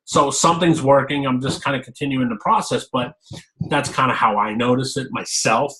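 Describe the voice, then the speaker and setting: A man's voice: medium pitch, normal speed, bright, forceful tone, low-quality recording. A man being interviewed about his work as a fitness coach, talking candidly and rambling, often repeating himself. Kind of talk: casual interview talk.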